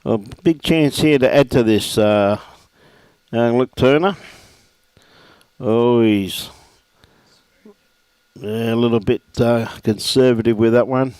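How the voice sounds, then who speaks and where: A man with an Australian accent giving relaxed live commentary on a bowls match and greeting viewers by name. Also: medium pitch, slow pace, long pauses, smooth, no echo. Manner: laid-back, chatty, greets viewers by name. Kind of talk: live sports commentary with viewer shout-outs.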